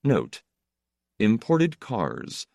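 A man narrating a story in a measured, expressive way. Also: on the low side, vocal fry, no echo, studio quality. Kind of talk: scripted narration.

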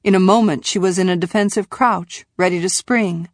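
A woman narrating a novel in scripted, measured storytelling from a quiet booth. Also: lowish voice, no room sound, studio quality. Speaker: audiobook narrator.

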